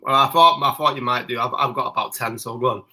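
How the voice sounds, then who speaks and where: A man's voice: mid-range voice, fairly even intonation, quick pace, pushed and bright. A man co-hosting a podcast, chatting casually and bantering with frequent laughs. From Britain. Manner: jokey banter, laughs often. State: parent. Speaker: podcast co-host. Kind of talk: casual chat.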